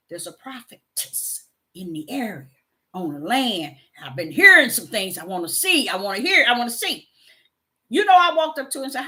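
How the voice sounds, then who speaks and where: A middle-aged woman preaching a sermon, moving from hushed storytelling to loud, emphatic exhortation. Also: on the high side.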